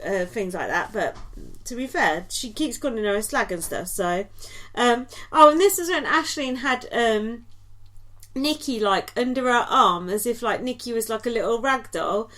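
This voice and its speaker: Woman podcast co-host, highish voice, rambly, giggly, filler-heavy recap. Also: animated, moderate pace, a bit bright. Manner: chatty, lots of ums and likes, giggly asides. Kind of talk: casual recap chat.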